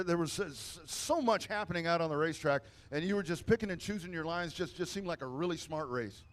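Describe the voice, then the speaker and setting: High-voiced excited race announcer, man. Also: brisk, hardly any pauses. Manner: excited, stammering, loud calls. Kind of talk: post-race victory lane interviews. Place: outdoors at a dirt racetrack.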